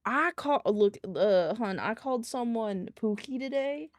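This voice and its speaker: A woman's voice: fairly high pitch, animated, a little slow, no room sound. A young woman with a Southern accent, rambling goofily to her chat while streaming. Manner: goofy, rambling, talks to chat. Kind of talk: casual live-stream chat.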